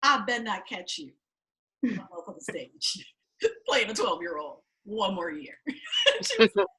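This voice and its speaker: A woman's voice: mid-range voice, huge pitch swings, moderate pace, fairly bright tone. A woman teaching an acting class, telling blunt, profane stories and acting out the people she quotes. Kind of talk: class talk to students.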